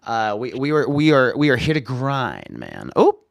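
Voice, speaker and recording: A man's voice: mid-range voice, wildly swooping pitch, normal speed, creaky, dry recording, studio quality. A man, hosting a casual livestream about modding game consoles in a goofy, rambling, slangy way. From Arkansas. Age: 30s. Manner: rambling, goofy, slangy, bursts into silly voices. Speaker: livestream host, console modder.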